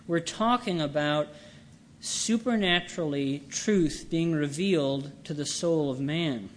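A man preaching a sermon, reading scripture and explaining it with slow, earnest emphasis. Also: a little high.

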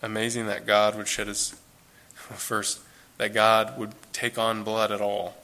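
A man's voice: lowish voice, monotone, a little slow, sharp tone. A man giving an informal, earnest Bible teaching, talking conversationally and repeating phrases for emphasis.

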